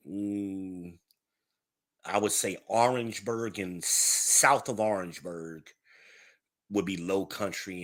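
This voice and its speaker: A man hosts a casual livestream podcast. His voice sits fairly low, and he chats loosely, laughing now and then as he reads comments from the chat. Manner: chatty, reads chat aloud, laughs often. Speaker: podcast host.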